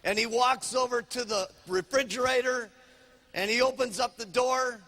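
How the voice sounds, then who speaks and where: A man's voice: very high voice, normal speed, big-room sound. A man as sales trainer, telling a humorous motivational story and acting out each character. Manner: animated, acts out characters.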